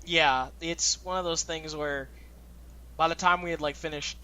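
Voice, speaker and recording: A man's voice: a little high, fairly even intonation, normal speed, sharp tone, clean tone. A young man hosting a let's play, chatting casually and laughing often as he plays. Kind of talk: casual gameplay commentary.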